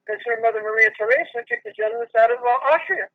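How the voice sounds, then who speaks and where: A man's voice: extremely high pitch, very animated, quick pace, creaky. A male interview guest who lectures emphatically and insistently in a muffled, lo-fi recording. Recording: dull lo-fi audio.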